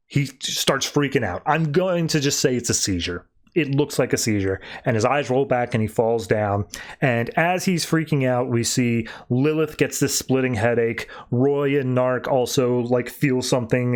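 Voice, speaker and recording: A young man hosting a podcast, casually recapping and reviewing a comic issue, acting out the characters' lines with big jumps in his voice. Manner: animated retelling, acting out quoted lines with pitch jumps.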